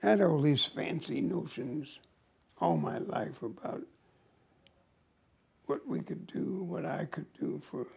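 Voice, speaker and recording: An older American man, an actor, telling stories from his career in an interview with a slow, halting, husky delivery. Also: on the high side, expressive, a little mellow, a little hiss or hum. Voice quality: gravelly, husky. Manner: slow, halting, breathy at times. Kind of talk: reflective storytelling.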